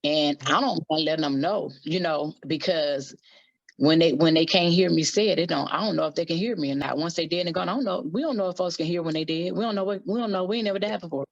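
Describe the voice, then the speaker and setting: A woman's voice: deep voice, quick pace, creaky, dry recording, highs cut off. A woman, a gospel quartet singer, talking bluntly and colloquially as a guest in a candid interview. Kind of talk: candid casual interview talk.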